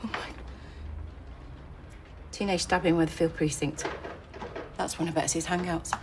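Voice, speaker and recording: An actress playing a worried police detective and mother, talking fast and sharply in a TV soap drama. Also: lowish voice, fairly even intonation, lightly acted. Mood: alarmed. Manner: clipped, alarmed, demanding. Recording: noisy TV drama audio.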